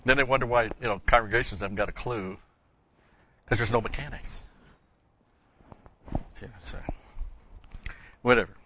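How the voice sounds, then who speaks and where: A man's voice: mid-range voice, moderate pace, pauses often, pushed and bright, highs cut off, slight background noise. A man teaching an informal Bible class, talking in a rambling, conversational way with folksy asides.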